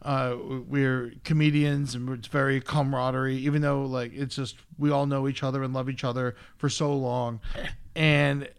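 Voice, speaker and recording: A man's voice: medium pitch, level tone, moderate pace, gravelly, smooth. A male comedian co-hosting a podcast in loose, casual chat with some swearing. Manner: loose, swearing, laid-back. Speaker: podcast co-host.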